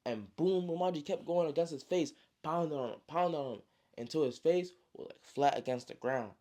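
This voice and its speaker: A man's voice: fairly high pitch, a little fast, dark tone. A man casually retelling his own story like a friend, slangy and full of spoken sound effects. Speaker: storyteller, author.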